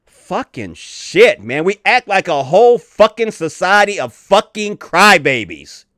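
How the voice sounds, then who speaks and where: A man's voice: high voice, big pitch swings, unhurried, fairly bright tone, no room sound, clean studio sound. A middle-aged man hosting his own channel, ranting angrily with lots of cursing in a profane commentary. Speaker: channel host.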